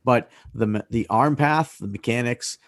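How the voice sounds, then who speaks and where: A man's voice: mid-range voice, normal speed, no echo, clean studio sound. A man co-hosting a podcast, explaining methodically point by point. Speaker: podcast co-host. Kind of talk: casual podcast discussion.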